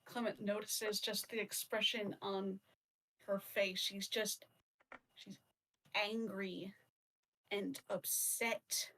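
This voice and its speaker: A woman player narrating her character in a tabletop game, in halting, filler-heavy casual speech. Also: medium pitch, level tone, fairly bright tone, far from the mic, rough recording.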